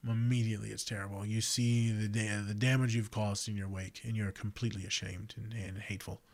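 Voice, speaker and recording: Man, 30s, podcast host; swearing, animated casual monologue with sharp swings in volume. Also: fairly low pitch, brisk. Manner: blunt, profane and animated, swings between loud outbursts and quiet reflection.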